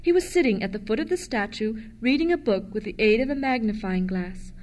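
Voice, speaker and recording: Lady reading a kids' story out loud, gentle and expressive, kinda high voice. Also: brisk.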